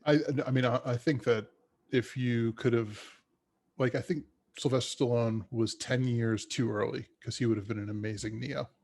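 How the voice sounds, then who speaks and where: A man talking through films in a loose, rambling podcast chat, often restarting his sentences. His voice has a gravelly, fry-laden texture and a breathy huskiness. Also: mid-range voice, steady tone, moderate pace, darkish tone. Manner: rambling, many restarts and fillers. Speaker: podcast co-host. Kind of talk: casual movie discussion.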